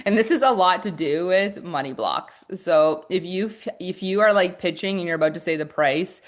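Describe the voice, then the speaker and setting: Woman, business coach, live-stream teaching, rapid energetic delivery, frequent restarts, slightly low voice. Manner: fast-talking, energetic; restarts and fillers.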